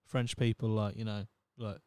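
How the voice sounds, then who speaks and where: A man's voice: on the low side, level tone, normal speed, warm tone, smooth, dry recording. Profane, rambling Norfolk man in his thirties. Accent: Norfolk English. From Norfolk, England. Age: 30s. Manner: rambling, profane, self-mocking. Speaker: podcast host. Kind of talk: casual solo podcast monologue.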